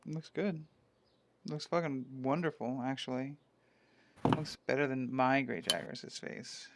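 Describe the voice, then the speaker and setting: A man's voice: medium pitch, unhurried, creaky, heavy background noise. A man co-hosting a casual painting stream, trading dry, joking banter while he paints.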